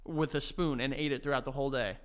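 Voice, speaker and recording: A man's voice: medium pitch, fairly even intonation, fast talker, clear, resonant tone. A man in his thirties co-hosting a podcast, bantering in a teasing, profane way. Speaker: podcast co-host. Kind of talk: casual chat.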